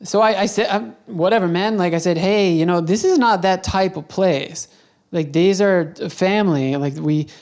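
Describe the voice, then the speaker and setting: A man's voice: high voice, brisk, creaky, darkish tone. A man hosting a podcast, telling a travel story in a casual, rambling way and often correcting himself. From United States. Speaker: podcast host.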